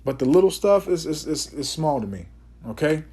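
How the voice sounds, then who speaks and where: A man teaching scripture informally, emphatic and preachy, often tagging his sentences with "man" and "okay?", and slowing down to declaim Bible verses. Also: on the high side, very animated, dark tone, breathy edge. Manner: reads Bible verses aloud in a slower, declaiming voice.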